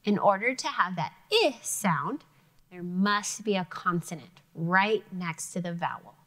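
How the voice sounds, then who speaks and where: Slow, lively-voiced woman teaching phonics. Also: lowish voice. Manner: slow, careful sounding out of words. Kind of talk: elementary phonics lesson.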